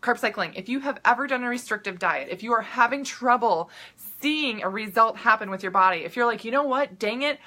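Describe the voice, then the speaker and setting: A woman's voice: on the high side, a little fast, bright, forceful tone. A young woman with a Minnesota accent, a health coach chatting casually and upbeat to viewers, with lots of ums and restarts. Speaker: health coach and podcast host. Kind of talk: casual live-stream talk to viewers.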